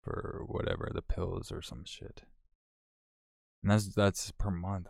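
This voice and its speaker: Low gravelly man chatting live. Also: level tone, slow pace, pauses often, darkish tone, dry recording, clean studio sound. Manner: frank, profane, rambling with restarts. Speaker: live streamer answering chat. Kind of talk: casual live chat.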